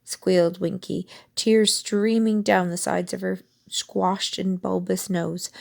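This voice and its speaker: A woman reading a novel aloud with steady storytelling. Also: fairly low pitch, moderate pace, gravelly. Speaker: audiobook reader.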